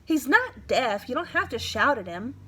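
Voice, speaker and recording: A woman's voice: fairly high pitch, big pitch swings, normal speed, sharp tone, husky, exaggerated voice. A woman reading aloud as a firm, protective farm wife who defends the boy. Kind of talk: storybook read-aloud.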